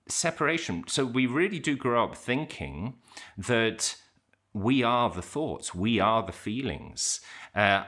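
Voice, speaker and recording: A man's voice: low voice, pushed and bright. A middle-aged man who teaches English, talking casually and reflectively to his viewers, hesitant with many fillers and restarts as he thinks aloud. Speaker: English teacher and channel host. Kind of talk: casual reflective talk to camera.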